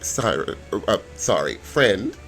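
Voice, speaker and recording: Animated low-voiced male storyteller. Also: a little slow, over music. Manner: animated, acts out every voice. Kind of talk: casual storytime.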